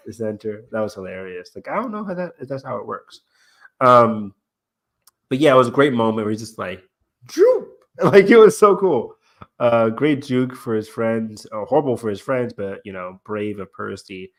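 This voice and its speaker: A man's voice: fairly low pitch, moderate pace, a bit bright. A young man co-hosting a casual review chat, rambling with lots of fillers and acting out lines he quotes. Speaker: podcast co-host.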